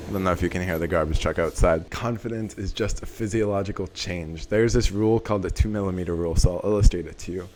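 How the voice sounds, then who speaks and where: A young man talking casually to camera, giving energetic motivational advice and swearing for emphasis. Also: low-pitched, fast talker, few pauses, slight background noise. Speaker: self-help vlogger.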